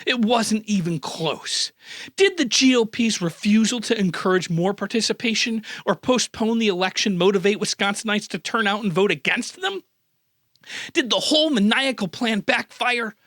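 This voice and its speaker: A man's voice: high-pitched, moderate pace, a bit bright, dry recording, clean studio sound. A man from the Midwest hosting a comedic news roundup, sarcastic and full of mock-outraged asides. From American Midwest. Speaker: news host.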